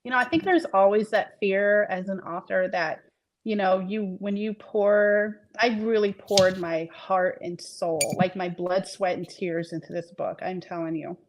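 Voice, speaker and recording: A woman's voice: mid-range voice, unhurried, a little hiss or hum. A woman author talking casually in an interview, earnest and reflective, trailing off with fillers as she thinks aloud. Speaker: author guest.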